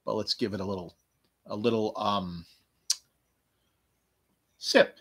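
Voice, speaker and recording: A man's voice: on the low side, fairly even intonation, slow, pauses often, fairly bright tone, husky, no echo, studio quality. A man hosting a casual wrestling review podcast, rambling and joking with frequent swearing and playful outbursts. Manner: rambling, jokey, profane, with playful bursts. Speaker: podcast host.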